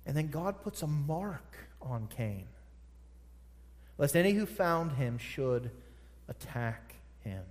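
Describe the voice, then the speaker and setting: A man's voice: on the high side, animated, slow pace, pauses often. A man preaching a sermon, emphatic and repeating phrases for stress. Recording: long hall reverb.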